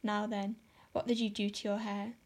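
A woman's voice: mid-range voice, little pitch movement, moderate pace, natural voice. A woman voicing a stern older spinster who scolds and speaks with dry sarcasm.

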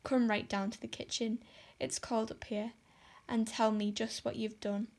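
A woman's voice: a little high, level tone, unhurried, darkish tone. A woman voicing a stern older spinster who scolds and speaks with dry sarcasm.

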